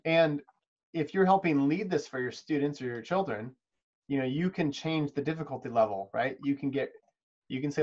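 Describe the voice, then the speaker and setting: A man's voice: a little high, normal speed, darkish tone, muffled recording. A man leading an instructional webinar for preschool teachers, explaining in a friendly, encouraging, practical way over a video call. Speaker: webinar presenter teaching chess to preschool educators. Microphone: video call microphone.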